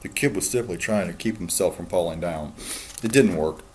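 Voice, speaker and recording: A man, a teacher, calmly reading a novel aloud to his students. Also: deep voice, normal speed, slight background noise. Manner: calm, steady storytelling.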